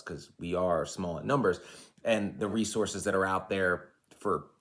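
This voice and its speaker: A man in his forties giving an impassioned, rambling rant straight to camera, with side remarks along the way. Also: low-pitched. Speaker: vlogger and life coach.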